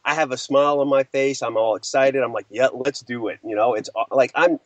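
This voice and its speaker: A man guest chatting casually and excitably, laughing as he talks. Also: mid-range voice, quick pace, dry recording. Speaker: podcast guest. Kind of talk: casual chat.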